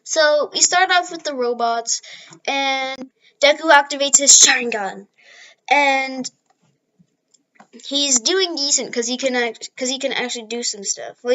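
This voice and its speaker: A woman casually telling an improvised fan story, rambling along with frequent restarts and quick apologies. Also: high voice, sharp tone, highs cut off.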